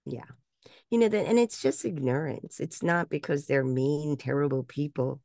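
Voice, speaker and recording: A woman's voice: deep voice, expressive, moderate pace, a little mellow, dry recording, studio quality. An older woman, a voice actress, telling stories in a casual interview, laughing often and mimicking other voices. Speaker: guest speaker and voice actress.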